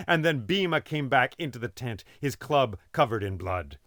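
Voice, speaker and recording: A man telling an epic tale aloud in an expressive, dramatic way. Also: medium pitch, normal speed, hardly any pauses, no echo, studio quality. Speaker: storyteller. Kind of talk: oral storytelling.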